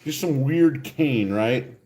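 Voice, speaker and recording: A man's voice: mid-range voice, expressive, slow pace, warm tone. A man with a Texan accent co-hosting a casual livestream from home, laid-back and joking, telling stories. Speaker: co-host of a livestream. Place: home kitchen.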